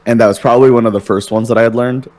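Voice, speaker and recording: A man's voice: mid-range voice, steady tone, rapid-fire, darkish tone. A young man as a podcast guest, laid-back and easygoing, laughing often in casual chat. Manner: laid-back, laughs easily, says "dude". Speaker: guest streamer.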